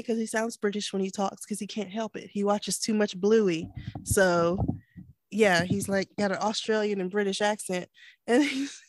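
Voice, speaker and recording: Her medium-pitched voice moves at a moderate pace and carries no echo. She's a podcast co-host in her thirties, chatting casually, often laughing, and acting out quotes.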